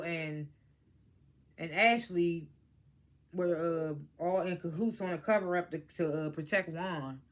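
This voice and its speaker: A vlogger giving a casual, blunt spoken review of a reality TV episode, using speech and acting out what the cast said. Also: mid-range voice. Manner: animated, blunt, swears freely, quotes cast members.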